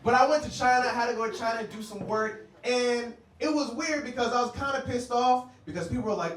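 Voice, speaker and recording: A man from the United States doing a brash stand-up set, ribbing the audience. His voice sits high. The room is echoey and the mic is some distance away. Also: brisk, hardly any pauses, a bit bright, a little hiss or hum. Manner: brash, joking, works the crowd. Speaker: stand-up comedian. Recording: roomy club sound, distant mic.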